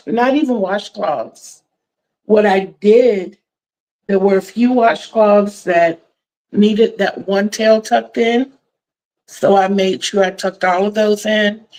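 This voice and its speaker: An older woman from Virginia, USA, hosts a casual crochet livestream in a medium-pitched, darkish voice. She is chatty and effusive, repeating words for emphasis, though the audio is poor.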